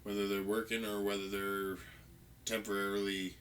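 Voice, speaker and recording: Tired, teasing podcast guest. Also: male voice, on the low side, completely flat delivery, moderate pace, fairly bright tone, poor audio. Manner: teasing, blunt, swears casually. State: tired, yawning. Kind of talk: casual chat.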